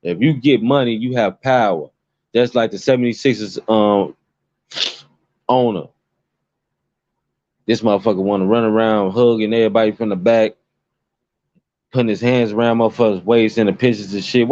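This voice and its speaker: A man rants to his channel in a low, dull-toned voice, swearing constantly and circling back to the same points with emphatic repetition. The lo-fi recording is flat and dry, with no room sound. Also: moderate pace, long pauses, no room sound. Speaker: commentary vlogger. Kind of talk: profane rambling commentary.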